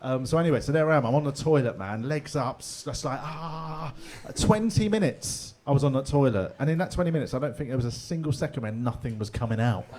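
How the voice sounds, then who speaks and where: A man's voice: medium pitch, fairly quick, few pauses, a little mellow, a little hiss or hum. A comedian on a handheld mic in a pub back room, telling a stand-up story in a loose, chatty way. He drops in laughing asides and keeps the crowd in on it. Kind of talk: stand-up set.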